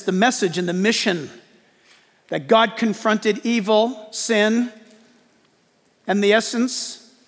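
High-voiced preacher man, long reverb. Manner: animated preaching with jokes and acted-out quotes. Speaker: pastor. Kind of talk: sermon. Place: church.

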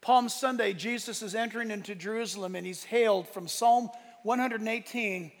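A man's voice: sits high, moderate pace. A man preaching a sermon as pastor, impassioned, swelling and dropping in force. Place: church sanctuary. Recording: long reverb of a large hall.

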